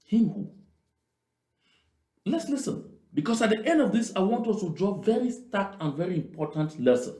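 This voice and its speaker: A man's voice: sits high, animated, moderate pace, pauses often, mellow. A man from Southern Cameroons, giving emphatic political commentary on played clips and repeating key phrases. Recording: roomy echo.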